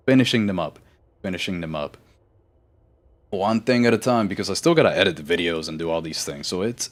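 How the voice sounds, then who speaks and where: A man streaming a game live, chatting casually in a rambling, self-correcting way and laughing easily. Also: low voice.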